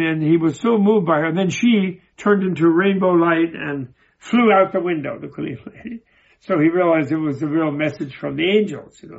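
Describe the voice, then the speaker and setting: Gravelly, husky man teaching in halting speech. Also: on the high side, a little mellow, muffled recording. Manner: halting, repeats and restarts words, digressive. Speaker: Buddhist teacher. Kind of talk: informal spoken teaching with storytelling.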